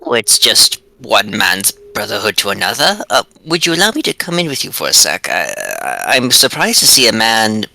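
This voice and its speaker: A man's voice: on the low side, sing-song, normal speed, creaky, hardly any pauses, bright, forceful tone, heavily acted, low-quality recording. A man voicing a courteous, formal male adventurer who speaks with stiff politeness.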